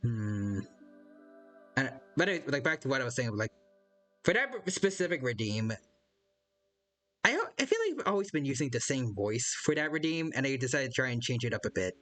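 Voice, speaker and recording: A man's voice: medium pitch, sing-song, brisk, pauses often, a bit bright, faint music behind. A man chatting casually on a live stream while playing a game, rambling and hesitant, reading out viewers' chat and greeting them by name.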